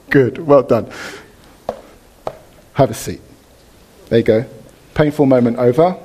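A man preaching a sermon in church, animated, leading the congregation in reading and response. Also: medium pitch, takes it slowly, slight background noise.

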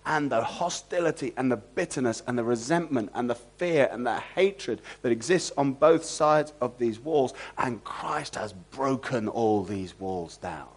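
A male preacher delivering a sermon with lively, animated energy. He talks at a mid pitch and keeps turning to the congregation with rhetorical questions. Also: unhurried, hardly any pauses, husky. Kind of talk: expository sermon.

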